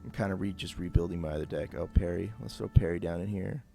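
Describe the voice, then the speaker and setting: A man's voice: deep voice, fast talker, vocal fry, warm tone, soft background music. A man talking through a game tutorial off the cuff, casual and rambling with lots of fillers. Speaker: gameplay tutorial host. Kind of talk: unscripted game tutorial voice-over.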